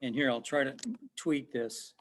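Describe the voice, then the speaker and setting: A middle-aged male professor teaches an online class in a conversational style, repeating himself and quizzing his students. His voice sits in the mid-range, with a steady tone and a measured pace.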